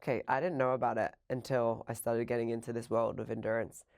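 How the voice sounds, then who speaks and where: A woman with an English accent, talking as a podcast guest in an upbeat, chatty way with quick asides. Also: very deep voice, little pitch movement, darkish tone. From England. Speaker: podcast guest, fitness coach. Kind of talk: casual chat.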